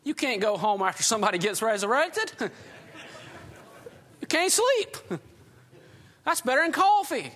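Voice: medium pitch, big pitch swings, measured pace, long pauses, a bit bright. A pastor preaching a sermon in a folksy, storytelling way, often chuckling.

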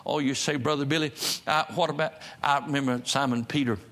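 A man's voice: mid-range voice, steady tone, a little fast, fairly bright tone. A man preaching a sermon in a folksy, conversational way, building to emphatic peaks and repeating his refrains. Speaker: pastor.

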